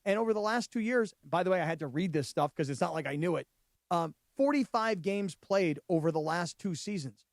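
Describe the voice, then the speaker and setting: A man hosting a sports radio show, telling stories in a chatty, animated way in a studio. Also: high voice, brisk, dry recording. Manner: chatty storyteller, animated retelling. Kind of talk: casual sports radio banter.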